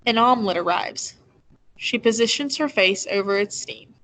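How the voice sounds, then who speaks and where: A woman reading a novel aloud in a measured, gentle storytelling manner. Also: on the high side, lively intonation, poor audio. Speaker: reader.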